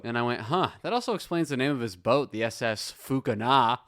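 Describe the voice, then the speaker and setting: A man's voice: on the high side, bright, forceful tone. A young man co-hosting a comedy podcast, joking in casual banter and mocking himself. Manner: joking, tells deliberately bad jokes, self-mocking.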